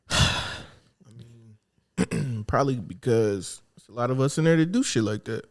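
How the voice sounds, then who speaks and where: A man's voice: medium pitch, expressive, slow pace. A man co-hosting a podcast, chatting in a laid-back way and joking about himself. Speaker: podcast co-host. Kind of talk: casual chat.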